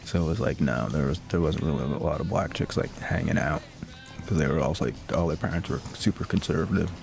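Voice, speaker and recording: Deep gravelly rambling streamer man. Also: a little fast, darkish tone, soft background music. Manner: rambling, heavy use of filler words, laughs often. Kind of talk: casual storytelling chat.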